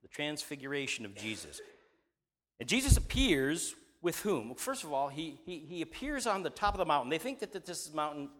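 A man's voice: a little high, big pitch swings, a little fast, a bit bright. A man preaching, reading a scripture passage aloud and teaching from it, often asking his listeners questions. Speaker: pastor. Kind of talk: Bible reading and sermon teaching.

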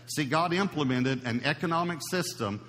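A man's voice: fairly high pitch, normal speed, fairly bright tone. A male pastor giving a sermon in an emphatic, conversational preaching style. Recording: long hall reverb.

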